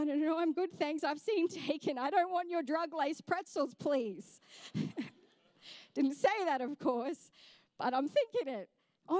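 A bright, high-voiced young woman preaching from a church stage. She tells her story with humor and poking fun at herself, and her voice sounds close and dry. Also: no echo. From Australia. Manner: storytelling, humorous, self-mocking. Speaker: pastor. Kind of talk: sermon.

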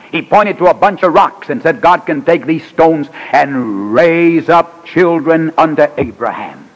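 Male evangelist, high-ish voice, punchy revival preaching, long church reverb. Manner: emphatic preaching with sharp swings in pitch and loudness. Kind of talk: revival sermon. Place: church sanctuary.

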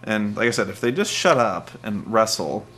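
Sarcastic, bright-voiced man ranting. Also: lowish voice, animated, normal speed. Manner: sarcastic, ranting, mocks wrestlers with silly voices. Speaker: wrestling recap host. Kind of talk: casual comedic recap.

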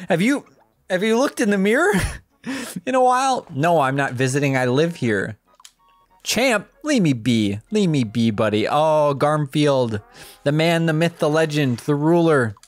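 A woman giving casual gameplay commentary as a video game presenter, reacting aloud in an excitable way and laughing often. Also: low-pitched, unhurried, no room sound.

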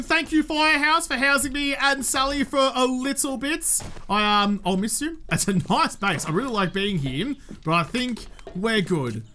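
Excitable Australian woman narrating gameplay. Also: medium pitch, slight background noise. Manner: chatty and excitable, talks to the game and her companion. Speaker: gaming video creator. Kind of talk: casual gameplay commentary. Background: game music.

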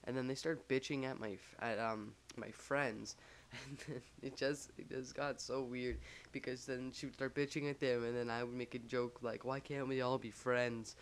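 Flat-voiced guy rambling through a story. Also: medium pitch, normal speed, slight background noise. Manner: rambling, filler-heavy, lots of "like"; joking, self-mocking. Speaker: vlogger telling a story. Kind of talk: casual storytime over gameplay.

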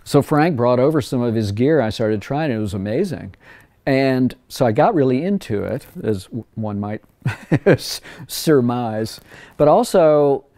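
A record producer talking casually in an interview, rambling through anecdotes and acting out past conversations in a raised voice. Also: male voice, medium pitch, expressive, measured pace, warm tone, no echo.

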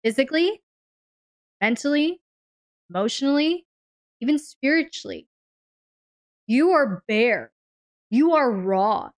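A woman hosting a live advice session, answering a listener's question with emphatic, drawn-out stressed words and speaking straight to her audience. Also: sits high, lively intonation. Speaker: relationship advice host.

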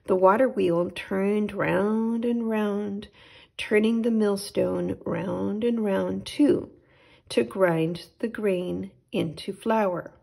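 A woman reads a children's picture book aloud at a slow, gentle pace. Her voice has a strong gravelly fry and a husky, breathy grain. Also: medium pitch. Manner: gentle, unhurried storytelling. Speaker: storytime host.

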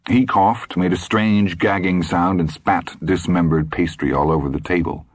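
Low, husky male audiobook narrator. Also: normal speed, no room sound. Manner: dramatic, expressive storytelling.

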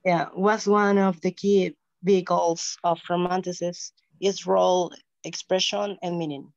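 A woman student reading a text aloud in class, halting and stumbling over words. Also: on the low side, level tone, darkish tone, dry recording, highs cut off.

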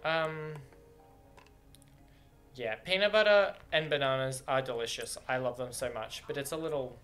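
Excitable young man, bright voice. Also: medium pitch, normal speed, faint music behind. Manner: excitable, rambling, laughs often. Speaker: video game commentator. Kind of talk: casual reaction commentary.

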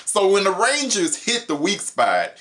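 A young man reviewing an episode in a casual, animated way, laughing often and jumping up in pitch for emphasis. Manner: paraphrases characters in quick mock voices. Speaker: show reviewer.

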